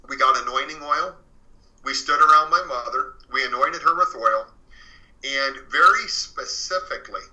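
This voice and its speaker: A man's voice: fairly high pitch, pushed and bright, rough recording. A man as an interview guest, earnestly telling a true paranormal story in a casual way, full of fillers. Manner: earnest and conversational, many fillers.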